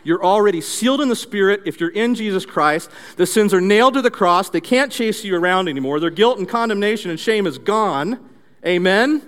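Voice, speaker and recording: A male pastor preaches an interactive sermon with animated storytelling and call-and-response drills. His voice sits a little higher than most men's. The long reverb of a church hall rings out behind him. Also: brisk.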